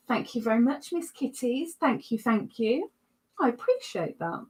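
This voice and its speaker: A woman's voice: a little high, animated, brisk, a little mellow. A woman hosting a livestream, chatting casually and reading out viewer comments in a rambling way. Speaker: livestream host.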